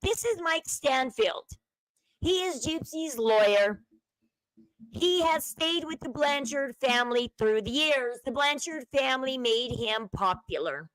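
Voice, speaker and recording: A woman hosting her own commentary channel, talking in a high, chatty voice. She speculates freely and slips into a hushed murmur to quote others. The sound is dry and close. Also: no echo, rough recording. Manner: chatty, speculative, drops to a low murmur when quoting others. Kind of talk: casual commentary over a video clip.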